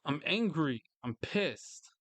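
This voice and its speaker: A man angrily ranting in a vlog monologue, swearing heavily, repeating himself and jumping into higher mocking voices. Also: big pitch swings, takes it slowly, a bit bright, no room sound. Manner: frustrated, swearing, repetitive. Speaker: vlogger.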